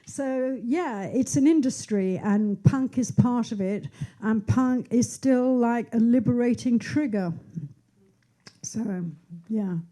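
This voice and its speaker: A woman's voice: a little high, takes it slowly, dark tone. A woman in her sixties, an author speaking at her book launch in a bookshop, chatty and rambling with many restarts and asides. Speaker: author being interviewed. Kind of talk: onstage conversation at a book launch. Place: bookshop event in front of an audience.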